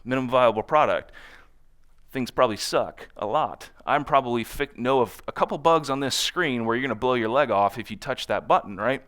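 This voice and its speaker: A man speaks at a conference in a loose, conversational way, tagging his points with quick check-ins to the crowd. His voice is smooth and resonant, and he sits at an ordinary middle pitch. He slips into other people's voices when he quotes them. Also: expressive, fairly bright tone. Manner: conversational, constantly checks in with "right?". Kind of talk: conference talk. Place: conference stage.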